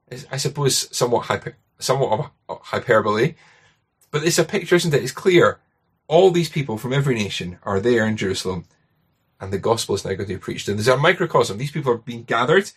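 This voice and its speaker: A man's voice: medium pitch, breathy edge. A man with a Scottish accent preaching a sermon in a conversational way, often tagging his points with rhetorical questions.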